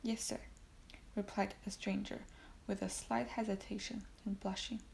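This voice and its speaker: A woman's voice: medium pitch, flat delivery, normal speed, vocal fry, slight background noise, rough recording. A woman reading a classic novel aloud as an audiobook, sometimes dropping to a whisper and correcting her own slips. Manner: reads classic prose, with whispered passages and self-corrections. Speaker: audiobook reader.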